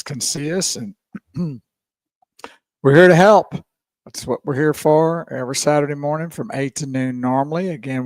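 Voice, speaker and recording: Speaking into a studio microphone with no echo, this radio host has a medium-pitched, somewhat dark voice. He keeps the studio talk casual and chatty, laughing and saying hello to listeners.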